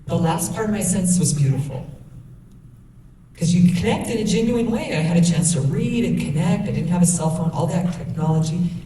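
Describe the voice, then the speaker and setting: A woman's voice: fairly low pitch, brisk, mellow. A middle-aged woman giving an earnest, emotional talk about her life to young people at a school. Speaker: guest speaker. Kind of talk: motivational talk to youth. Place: school hall. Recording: echoey hall from far off, noisy.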